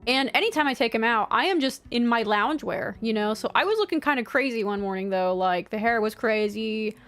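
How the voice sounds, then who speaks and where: A woman's voice: a little high, brisk. Chatty, swearing young woman vlogger. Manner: chatty, swears often, animated storytelling. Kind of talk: casual chat. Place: home, at a desk.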